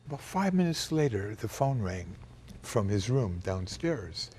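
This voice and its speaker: An older man telling a personal memory in a reflective, emotional way, dropping to a hush at times. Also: lowish voice, sing-song, a little slow, breathy edge. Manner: reflective and emotional, with quiet hushed passages. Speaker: storyteller recounting a personal memory. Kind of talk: personal storytelling to camera.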